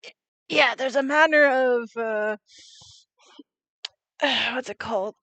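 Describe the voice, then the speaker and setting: A woman's voice: on the high side, takes it slowly, fairly bright tone, no echo. A young woman streaming a game, playful and chatty, talking to her cat between lines. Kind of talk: casual game stream chat.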